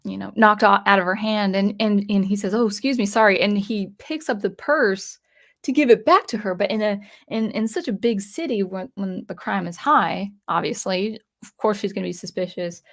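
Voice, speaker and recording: A woman's voice: medium pitch, fairly even intonation, moderate pace, gravelly, a bit bright. A woman giving a casual, unscripted comic book review, retelling the plot in a chatty way with frequent restarts.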